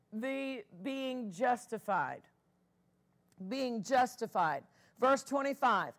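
A woman pastor preaches with a high-pitched voice. She speaks slowly and emphatically, repeating key phrases for weight. She calls for amens from the congregation. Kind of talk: sermon.

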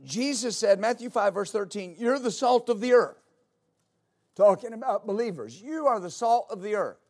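A high-pitched man preaching a sermon as pastor of his church. He hammers home key lines by repeating them, his delivery rising to emphatic peaks. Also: expressive, moderate pace.

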